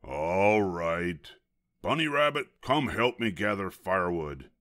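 A man's voice: sits low, big pitch swings, takes it slowly, fairly bright tone, no room sound, full character voice. A man voicing a grumpy, bossy male varmint who snarls and growls his orders, in a storybook reading. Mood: gruff.

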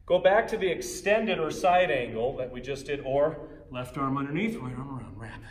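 A man leading a guided yoga class as instructor, giving calm cues with playful, joking asides. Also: mid-range voice, normal speed. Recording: echoey room with faint ambience.

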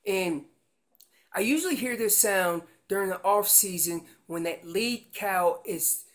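A man's voice: high-pitched, unhurried, a bit bright. A man explaining how to make an elk call, teaching in an earnest way and often repeating words as he goes. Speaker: elk calling instructor.

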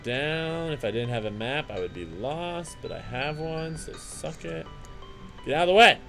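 A young man hosting a let's play, commenting on his game with excitable trash talk, jokey asides and sing-song chanting. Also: on the high side, normal speed, soft background music. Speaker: gaming channel host.

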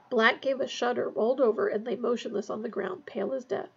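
A woman narrating a fantasy novel aloud in a tense, hushed storytelling manner. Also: fairly high pitch, steady tone, a little fast, creaky, hardly any pauses, husky, muffled recording. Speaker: audiobook reader.

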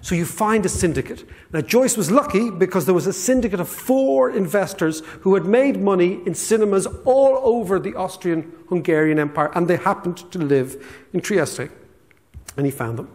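A man in his fifties with an Irish accent, giving a storytelling talk to an audience with lively asides. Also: sits high, normal speed, in a large hall. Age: 50s. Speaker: speaker. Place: school hall on stage.

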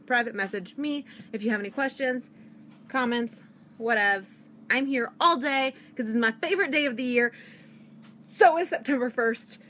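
A young woman talks in a rush of excitement, pitching from home to viewers on a live video. Her voice sits a little high and she gushes without pause, with a faint background hum in the room. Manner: fast-talking, gushing, enthusiastic. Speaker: direct sales consultant. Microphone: phone or webcam.

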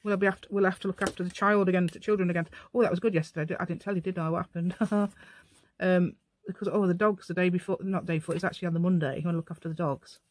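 A woman's voice: fairly low pitch, fairly even intonation, very fast, darkish tone. A tired, middle-aged woman hosting a casual crafting tutorial, chatting and rambling to herself as she works at home. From England. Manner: rambling, chatty, talks to herself while working. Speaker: craft channel host.

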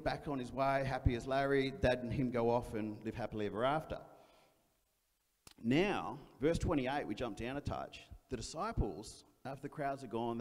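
A man's voice: mid-range voice, darkish tone. A male pastor preaching a sermon, telling a story with energy and acting out the voices of the people in it. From Australia. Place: church auditorium. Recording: church hall reverb.

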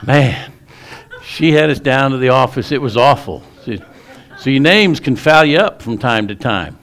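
A man's voice: mid-range voice, expressive, normal speed, fairly bright tone, some chatter behind. A male pastor preaching a sermon in a folksy storytelling way, often restarting his sentences.

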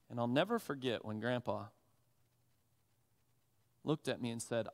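A pastor delivering a sermon in a conversational, animated, self-deprecating storytelling manner. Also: male voice, mid-range voice, unhurried, vocal fry, pauses often. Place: church sanctuary. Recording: long reverb of a church hall.

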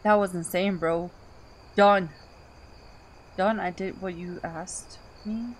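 A woman giving casual commentary on a horror game she is playing. She swings from quiet mutters to shrieks and laughs often. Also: fairly low pitch, fairly even intonation, unhurried, a little hiss or hum. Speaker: gaming channel host.

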